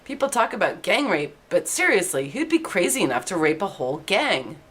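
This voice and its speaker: A woman host telling rapid-fire dark one-liner jokes in a deadpan delivery. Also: lowish voice, husky.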